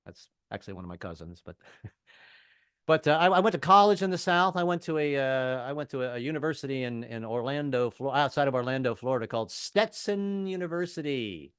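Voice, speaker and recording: A man's voice: medium pitch, animated, a little fast, a bit bright, clean tone, dry recording, studio quality. An older man from the American South doing a rambling, self-deprecating stand-up set with frequent stammered restarts. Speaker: stand-up comedian.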